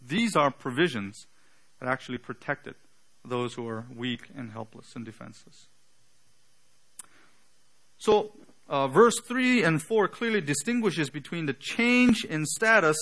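A man preaching an earnest sermon, teaching with emphatic pauses and the odd filler. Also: fairly high pitch, bright, forceful tone. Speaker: pastor.

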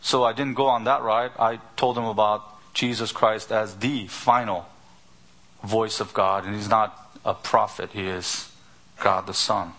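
Gravelly preaching man, bright tone. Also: lowish voice, fairly even intonation, a little slow. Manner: rhetorical repeated questions, emphatic. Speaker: pastor. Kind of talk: sermon.

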